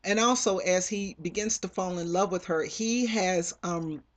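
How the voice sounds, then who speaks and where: Novelist, casual interview, mid-pitched, meandering delivery heavy on fillers, slips into character lines when retelling scenes. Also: unhurried. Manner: rambling, many fillers and restarts. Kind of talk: casual talk about own novels.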